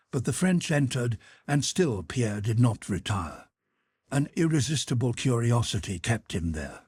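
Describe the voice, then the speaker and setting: A man reading a classic novel aloud as an audiobook narrator, expressive and dramatic. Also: medium pitch, breathy edge, dry recording, clean studio sound. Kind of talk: scripted narration.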